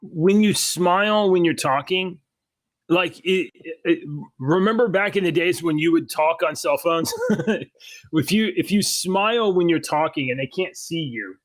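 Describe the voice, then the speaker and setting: A man's voice: high voice, unhurried, dry recording. A man co-hosting a podcast in casual chat, rambling with restarts and frequent laughs. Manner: rambling, self-interrupting, laughs often. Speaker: podcast co-host.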